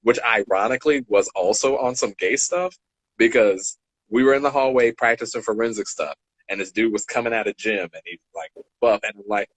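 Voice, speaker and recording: A man in his twenties co-hosting a podcast, telling stories in a casual, animated way and acting out the dialogue. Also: on the low side, fairly quick, no room sound, low-quality recording. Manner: animated, acts out dialogue, laughs between lines. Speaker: podcast co-host. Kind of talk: casual storytelling chat.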